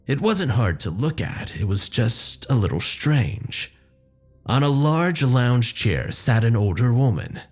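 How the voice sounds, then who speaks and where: A man narrating a first-person horror story in a measured, descriptive way. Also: medium pitch, very animated, darkish tone, husky, faint music behind.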